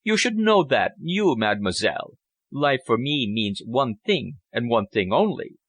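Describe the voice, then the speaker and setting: A man's voice: mid-range voice, very animated, measured pace, fairly bright tone, no echo, exaggerated voice. A man playing a poor, lovesick young officer who talks in a brooding, earnest way. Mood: gloomy.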